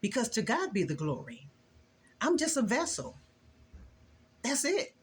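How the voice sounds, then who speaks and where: An older woman and grandmother sharing an earnest, emotional Christian testimony in a casual vlog, with a preachy, expressive delivery. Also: unhurried, slightly rough. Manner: earnest, preachy and emotional, with lively swings in pitch. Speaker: vlogger.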